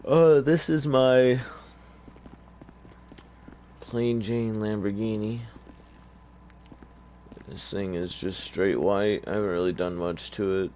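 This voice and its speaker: A tired-sounding gamer with a low, darkish, steady voice offers casual, rambling commentary at a measured pace, pausing often. He's offhand and hesitant, and a little hiss or hum sits under the recording.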